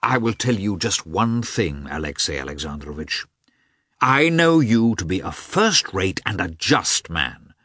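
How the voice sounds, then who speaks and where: A man voicing an effusive, kindly aristocratic gentleman who exclaims and pleads in a high voice. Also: sing-song, unhurried, no echo, clean studio sound, exaggerated voice. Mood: pleading.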